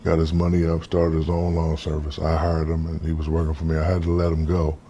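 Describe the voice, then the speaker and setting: A man in his fifties from the United States, an interview guest telling stories in a relaxed, casual way and acting out the voices in them. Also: rumbling low, brisk, a little hiss or hum. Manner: relaxed storyteller, acts out quoted dialogue.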